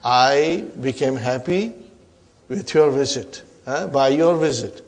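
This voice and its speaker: A man's voice: medium pitch, slow pace. A man teaching a classroom grammar lesson. He explains term by term, drills students with repeated questions and keeps checking with "huh?" and "are you with me?".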